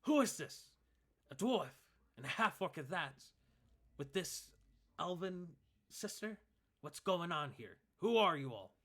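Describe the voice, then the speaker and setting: A man's voice: medium pitch, lively intonation, a little slow, long pauses, fairly bright tone. A man voicing a stern, suspicious male elf guard who distrusts strangers and makes threats. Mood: challenging.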